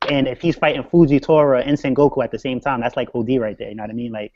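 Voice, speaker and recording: Fast-talking insistent young man, lo-fi. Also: medium pitch, fairly even intonation, darkish tone, a little hiss or hum. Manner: insistent, repeats himself to hold the floor. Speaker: stream co-host. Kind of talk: casual group debate. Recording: dull lo-fi online stream audio.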